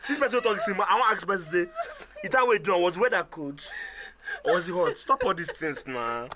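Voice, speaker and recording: Fast-talking Nigerian man, teasing. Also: high-pitched, lively intonation, crowd noise. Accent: Nigerian Pidgin. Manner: teasing, skeptical, quick banter. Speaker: podcast co-host. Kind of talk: casual chat.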